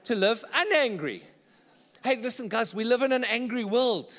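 A man's voice: very high voice, animated, normal speed, a bit bright, long reverb tail. A man preaching a sermon in church, conversational and often checking in with the congregation. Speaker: pastor.

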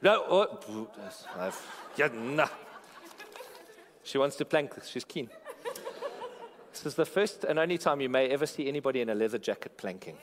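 A man's voice: mid-range voice, lively intonation, moderate pace, pauses often, a crowd in the background, noisy background. A man preaching a sermon as a pastor, telling a story in a playful way and joking with the congregation. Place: large church auditorium. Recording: long hall reverb in a church auditorium.

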